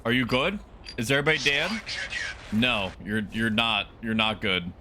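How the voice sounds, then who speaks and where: A young man streaming a horror shooter, chatting casually and breaking into loud, disbelieving yelps. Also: on the low side, expressive, moderate pace, noisy background. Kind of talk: casual game stream commentary.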